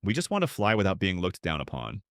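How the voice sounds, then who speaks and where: A man's voice: deep voice, huge pitch swings, fast, vocal fry, dry recording, full character voice. Brief: wary, grateful elderly passenger read by a male narrator, dry sound. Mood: earnest.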